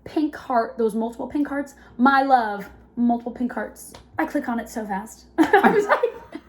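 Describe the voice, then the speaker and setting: A young adult woman hosting a podcast, telling a personal story in a casual, animated way, with lots of fillers and laughter. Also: on the high side. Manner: animated, chatty, quick to laugh, many fillers. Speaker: podcast host.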